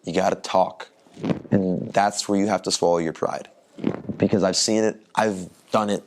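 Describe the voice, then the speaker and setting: A man's voice: low voice, fairly even intonation, normal speed, darkish tone, low-quality recording. A man teaching a jiu-jitsu workshop in casual talk, restarting phrases and asking the group questions. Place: training room at a camp.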